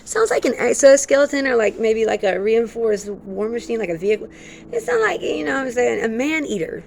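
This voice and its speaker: A woman vlogging in a rambling, excitable stream-of-consciousness monologue. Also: on the high side, fairly quick, gravelly, a little hiss or hum. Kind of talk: casual monologue.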